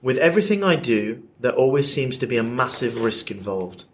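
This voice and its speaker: A man's voice: mid-range voice, big pitch swings, fairly quick, slight background noise. A man hosting a casual podcast quiz, reading questions out in a playful way and laughing often. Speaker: podcast host running a quiz.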